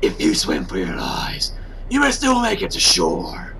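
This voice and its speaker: A man doing an impression of a brooding masked male vigilante with a lowered, gravelly growl. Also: wildly swooping pitch, measured pace, bright, forceful tone, slight background noise, full character voice.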